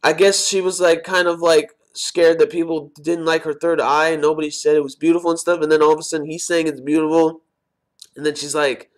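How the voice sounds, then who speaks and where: Excitable man reacting live to a manga chapter. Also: fairly high pitch, fairly quick. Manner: excitable, exclaims often; reads character lines aloud in quotes. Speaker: manga reviewer.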